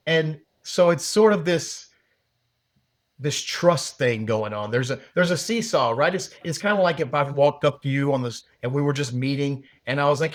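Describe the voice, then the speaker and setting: A man appearing as a guest on a podcast, a sales leader who makes his points through lively hypothetical scenarios. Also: fairly high pitch, brisk. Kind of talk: casual conversational interview.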